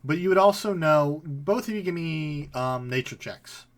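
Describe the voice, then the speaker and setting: A man's voice: fairly high pitch, expressive, moderate pace. A man narrating as game master of a tabletop game, casual and often laughing. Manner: casual, laughing, voices figures briefly.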